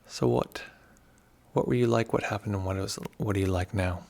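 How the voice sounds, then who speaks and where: Male meditation teacher, low gravelly voice, relaxed and digressive livestream delivery. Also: moderate pace.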